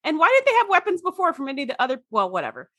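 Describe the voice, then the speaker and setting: A woman's voice: high-pitched, huge pitch swings, rapid-fire, very noisy. A woman co-hosting a podcast, chatting casually about a TV episode and dropping wry asides. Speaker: podcast co-host. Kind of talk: casual chat recapping a TV episode.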